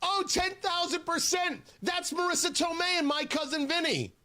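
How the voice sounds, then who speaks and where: Bright-voiced male radio host. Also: very high-pitched, expressive, normal speed. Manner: chatty, laughing, trips over words. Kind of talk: casual morning radio banter.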